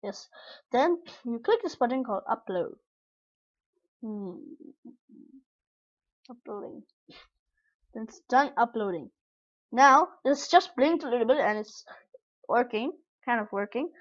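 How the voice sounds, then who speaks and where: A woman's voice: on the high side, expressive, a little slow, pauses often, dull audio. A young woman walking through an electronics tutorial in a casual, rambling way, often correcting herself mid-sentence. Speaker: tutorial vlogger.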